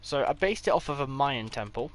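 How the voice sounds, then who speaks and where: A man's voice: mid-range voice, expressive, fairly quick. A man giving a casual, rambling tour of his game builds, with offhand delivery and dry sarcastic asides. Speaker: gaming creator.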